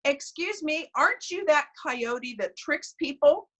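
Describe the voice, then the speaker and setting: A woman's voice: high-pitched, expressive, unhurried, fairly bright tone, voice pushed up. A woman voicing an eager, fussy man on horseback in a told story, talking in a flustered, stammering way.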